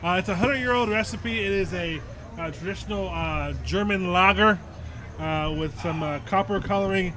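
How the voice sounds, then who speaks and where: A man chatting casually in a brewery beer garden, relaxed and hesitant, describing a beer with many "uh"s. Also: sits high, normal speed. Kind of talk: casual chat.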